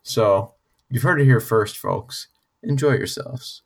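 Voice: medium pitch, slow, vocal fry, husky. A podcast co-host in casual chat, playful and sharing fun facts with mock showmanship.

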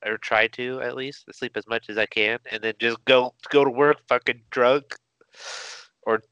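A man's voice: medium pitch, fairly even intonation, normal speed, sharp tone, clear, resonant tone, no echo, lo-fi sound. A young man co-hosting a podcast, laid-back and joking, laughing often. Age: young adult. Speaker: podcast co-host. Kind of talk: casual chat.

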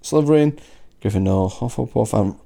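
A man's voice: medium pitch, normal speed, creaky, mellow. A man with a Wigan accent co-hosting a podcast in casual chat, swearing freely and laughing often. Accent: Wigan, Lancashire. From Wigan, England. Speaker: podcast co-host.

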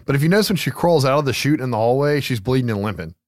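Racing along in a medium-pitched voice, a male podcast host casually retells a film's plot, cursing freely and laughing throughout. The studio-quality audio has no echo.

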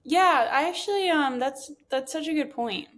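A woman hosting a podcast interview, her voice hoarse and giving out, chatty and full of strong opinions. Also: sits high, normal speed, fairly bright tone. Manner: chatty, opinionated hot takes. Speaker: podcast host. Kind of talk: casual interview chat.

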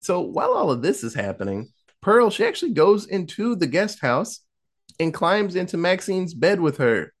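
Male podcast host, chatty and animated, fairly high pitch, swears freely while retelling a horror plot. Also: normal speed. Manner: animated storytelling, acting out quotes, laughing, profane. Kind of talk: casual chat.

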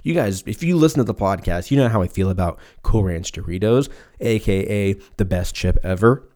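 A young man in his twenties hosts a solo podcast in a low-pitched voice. He rambles from tangent to tangent, swearing freely and joking as he goes. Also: animated, a little fast, a little mellow. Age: 20s. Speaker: podcast host. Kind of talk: solo comedic podcast rant.

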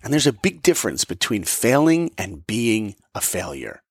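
Male motivational storyteller, gravelly voice, dry sound. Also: on the low side, normal speed, no room sound. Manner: animated, acts out dialogue. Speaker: motivational podcast speaker. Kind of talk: personal storytelling talk.

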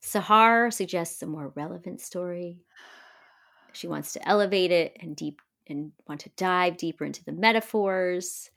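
Chatty woman with a lowish voice. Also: moderate pace, gravelly, fairly bright tone. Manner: chatty, laughs often, acts out quotes. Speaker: podcast co-host. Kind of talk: casual chat recapping a TV episode.

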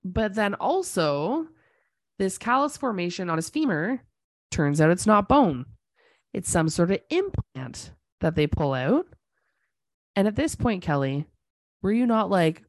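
Excitable woman podcast co-host, dry sound. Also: mid-range voice, a little slow, long pauses, no echo. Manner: excitable, exclaims often, laughs mid-sentence. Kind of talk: casual recap chat.

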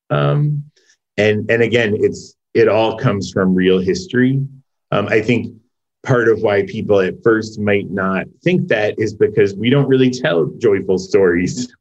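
A man's voice: lowish voice, a little mellow, muffled recording. A man, a co-creator of a series, talking thoughtfully in a casual interview and often restarting his sentences.

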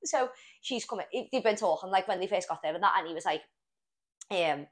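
A woman's voice: medium pitch, animated, brisk. A young woman, rambling and swearing as she retells a story in a casual podcast chat. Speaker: podcast co-host.

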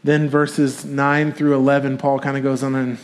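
A man in his thirties giving a sermon, explaining scripture in a relaxed, conversational way with fillers. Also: medium pitch, normal speed. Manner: light chuckles and filler sounds. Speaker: pastor.

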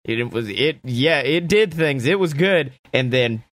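A man recapping a wrestling show in a casual, enthusiastic way, swearing freely and throwing in quick asides. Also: medium pitch, animated, fairly bright tone, no room sound, studio quality.

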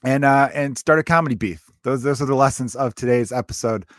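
A man's voice: medium pitch, fairly quick, dry recording, studio quality. Profane, jokey man telling a dog story. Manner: loose, profane and jokey, many fillers. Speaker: comedian podcast host. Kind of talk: comedic storytelling monologue.

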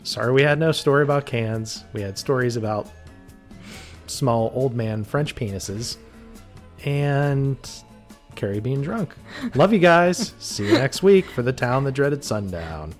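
A male podcast co-host from Pennsylvania, ribbing his friend in loose, profane banter and laughing between lines. His voice sits at a middle pitch. Faint music plays under the talk. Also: lively intonation, a little slow. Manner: teasing, swears a lot, laughs often. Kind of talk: casual banter.

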